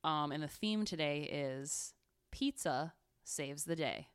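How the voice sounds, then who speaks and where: Low-voiced young woman telling a story. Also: expressive, slow pace, clear, resonant tone. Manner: chatty, giggly, rambling with many fillers. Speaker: podcast co-host. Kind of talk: casual storytelling chat.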